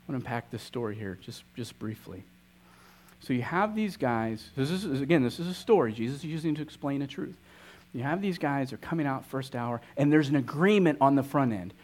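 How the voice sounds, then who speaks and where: Young adult male pastor, relaxed conversational sermon delivery, voice a touch high. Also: moderate pace. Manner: conversational teaching with scripture reading; asks the audience questions.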